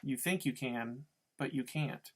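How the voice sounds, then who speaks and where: A cold, menacing father speaks low and slow in a storybook reading, as a man puts him on. His words stay quiet and controlled, with a hard edge underneath. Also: close to an everyday voice.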